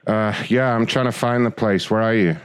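A man's voice: on the low side, steady tone, normal speed, clean tone. A man prank-calling as a pizza driver, getting combative and profane as the argument grows. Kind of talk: prank call.

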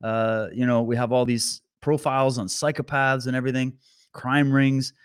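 Man, political rant, animated, rambling, dry room. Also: mid-range voice, normal speed, smooth, no room sound. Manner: animated, indignant, rambling with restarts. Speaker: political commentator. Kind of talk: casual commentary monologue.

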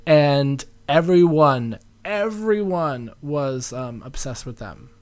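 A man with a voice a little higher than usual for a man chimes in with wry, self-mocking asides. He talks in a loose, offhand way as he comments on an old episode of a podcast. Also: animated, takes it slowly. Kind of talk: casual commentary.

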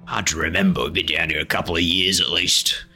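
A man's voice: low voice, fairly even intonation, fairly quick, vocal fry, sharp tone, husky, soft background music, full character voice. A man voicing a dim two-headed giant whose heads bicker with each other. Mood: chatty.

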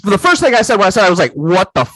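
A man's voice: high voice, big pitch swings, rapid-fire, fairly bright tone, no room sound, poor audio. A man co-hosting a podcast, reacting to a film in an incredulous way and swearing for emphasis. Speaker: podcast co-host. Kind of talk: casual movie recap chat.

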